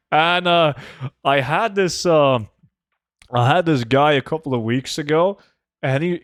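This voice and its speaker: A man's voice: medium pitch, no room sound, studio quality. A man chatting casually on a live stream, swearing often and joking as he answers his chat. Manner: swears a lot, joking and laid-back, reacts to chat. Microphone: desk microphone.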